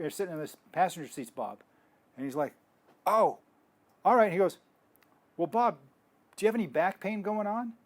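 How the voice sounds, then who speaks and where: A man's voice: a little high, darkish tone. A man teaching in a casual faith talk, rambling with restarts and telling stories. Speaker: health ministry teacher.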